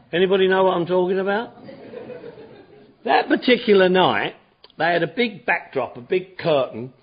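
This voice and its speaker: A man's voice: sits high, husky. A man giving a personal recovery testimony at a meeting, rambling and repetitive with stammering restarts. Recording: dull lo-fi recording.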